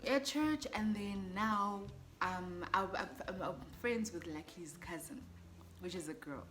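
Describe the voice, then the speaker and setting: A young woman with a South African accent tells a personal story in a vlog, in a lively, exclaiming way with frequent laughs. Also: on the low side, measured pace, faint music behind. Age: young adult. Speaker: vlogger.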